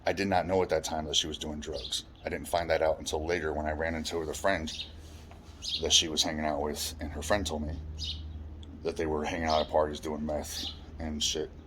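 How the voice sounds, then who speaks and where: A man's voice: very deep voice, flat delivery, fairly quick, background noise. A man telling his own life story in a blunt, plain-spoken way, swearing often. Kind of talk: personal life story monologue.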